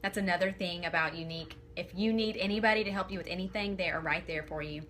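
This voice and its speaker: A woman's voice: lowish voice, quick pace, fairly bright tone, a little hiss or hum. A woman, talking casually and earnestly on a live video from home, emotional and rambling with fillers. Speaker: makeup seller on a live video. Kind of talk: casual live-stream talk.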